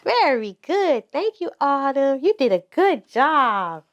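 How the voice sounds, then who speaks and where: A woman teaching toddlers at circle time, speaking in a slow, sing-song, encouraging way and repeating words for the children to echo. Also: sits high, very animated, highs cut off. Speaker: preschool teacher.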